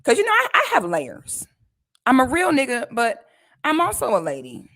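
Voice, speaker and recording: A woman telling a personal story on a livestream in a casual, animated, slangy way. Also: fairly high pitch, normal speed.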